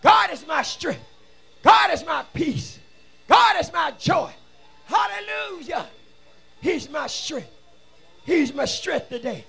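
A man preaching a shouted revival sermon in a church, fervently chanting and exhorting the congregation in call-and-response. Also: very high-pitched, animated, slow, pauses often, soft background music. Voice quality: gravelly, husky. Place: church sanctuary.

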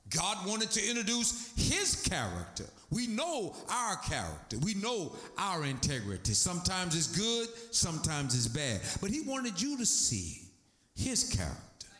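A man preaching a sermon, animated, his voice climbing high as he gets excited. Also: unhurried. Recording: echoey room.

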